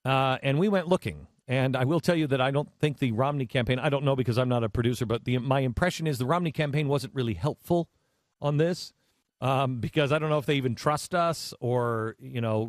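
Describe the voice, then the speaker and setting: A male radio host tells a story in a conversational, animated style. His speech is full of restarts, and his pitch sits in the middle. The studio sound is close and dry. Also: a little fast, no room sound. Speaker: radio talk show host. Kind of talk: storytelling monologue on talk radio.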